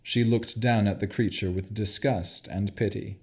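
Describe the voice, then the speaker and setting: A man narrating a fantasy audiobook in a measured, expressive way. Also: on the low side, slightly rough.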